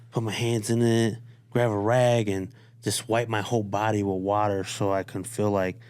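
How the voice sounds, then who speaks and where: A man's voice: on the low side, a little mellow, clear, resonant tone, no room sound. A man from Chicago, a guest on a podcast, telling his story in a laid-back, profane way and quoting what others said. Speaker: guest artist. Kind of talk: casual interview talk. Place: studio.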